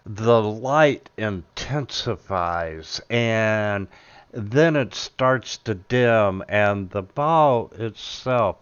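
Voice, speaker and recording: A man narrating a tabletop game as its game master, at a very slow, halting pace with plenty of fillers. His voice is very smooth and a little low, and the recording sounds dull and lo-fi. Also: fairly bright tone.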